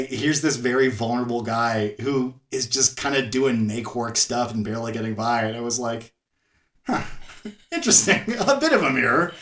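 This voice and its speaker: A man co-hosting a podcast, chatting casually in an animated way, laughing often and restarting his phrases. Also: mid-range voice, reverberant. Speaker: podcast co-host. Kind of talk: casual chat.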